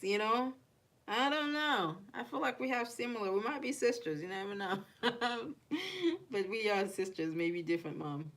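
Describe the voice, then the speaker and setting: A woman's voice: mid-range voice, a bit bright. A young woman with a mixed Haitian and Kentucky accent chatting casually on a live stream, rambling, reading viewer comments aloud and laughing often. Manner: laughs often, giggly asides.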